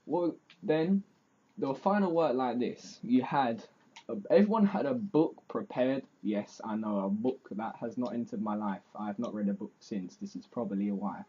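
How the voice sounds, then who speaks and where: A teenage boy tells a meandering, self-deprecating story to camera. His voice is mellow and a little husky. The recording sounds dull and lo-fi. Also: mid-range voice, animated, normal speed. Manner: rambling, self-mocking, fillers like basically. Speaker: vlogger. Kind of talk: casual storytelling vlog.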